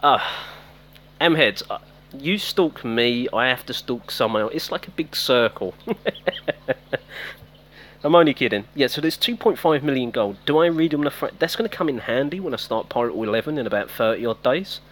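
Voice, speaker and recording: A man's voice: mid-range voice, animated, normal speed, a bit bright. Male streamer, talkative, greets chat, home mic with faint noise. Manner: chatty, talks to viewers by name, self-teasing. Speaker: game streamer. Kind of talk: casual live-stream commentary.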